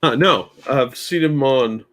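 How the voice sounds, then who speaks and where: A man's voice: medium pitch, slow pace, fairly bright tone. A man co-hosting a casual livestream, answering in short offhand replies. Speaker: co-host.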